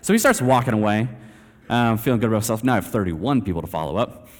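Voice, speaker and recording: A man's voice: lowish voice, lively intonation, fast. A young man from Texas telling a story in a sermon, casual and self-deprecating, dropping "man" and "like" throughout. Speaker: preacher. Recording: reverberant hall.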